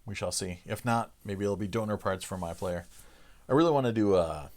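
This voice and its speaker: Speaking briskly in a fairly low voice, a livestream host chats casually with his live chat viewers. He sounds relaxed, chuckling between loose sentences heavy with "uh" fillers.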